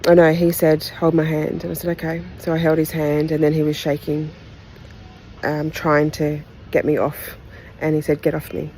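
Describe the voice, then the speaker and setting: A woman from Australia hosting a podcast, giving a candid, heartfelt retelling of a personal story in halting phrases with pauses. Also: sits low, completely flat delivery, warm tone, slight background noise, poor audio. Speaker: podcast host.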